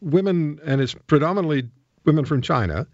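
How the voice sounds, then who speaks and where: A male talk radio host whose pitch swings widely as he needles, jokes and pushes his guests. He speaks into a studio microphone, and the broadcast sounds dry and slightly dull. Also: animated, brisk, a little mellow, no room sound. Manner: combative, rhetorical and jokey.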